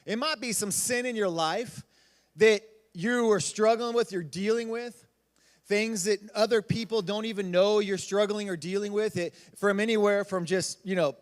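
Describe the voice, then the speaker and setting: High-voiced man preaching in a reverberant hall. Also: normal speed. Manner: animated storytelling with lots of fillers. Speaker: youth pastor. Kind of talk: youth group talk. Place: church hall.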